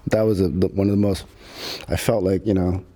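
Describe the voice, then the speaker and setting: Middle-aged man, lowish voice; animated, profane raconteur who acts out quotes. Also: a little fast. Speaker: podcast guest, filmmaker. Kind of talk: casual storytelling.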